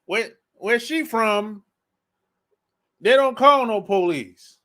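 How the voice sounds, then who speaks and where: A man's voice: high-pitched, animated, slow pace, pushed and bright. A man hosting a dating channel, giving a casual, blunt, slangy opinion monologue and repeating his points.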